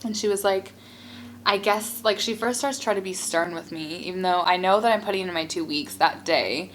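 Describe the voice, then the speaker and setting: A young woman with a slightly low voice tells a story in a relaxed vlog. Her talk is chatty and full of "like"s, with an exasperated edge. A faint hum sits behind her. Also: moderate pace. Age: young adult. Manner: chatty, heavy use of "like", exasperated. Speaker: vlogger. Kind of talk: casual storytime while eating.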